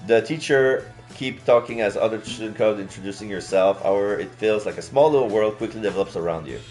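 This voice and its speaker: A man's voice: lowish voice, a little fast, few pauses, a little mellow, soft background music. A man streaming and reading a visual novel aloud, chatty with laughing asides.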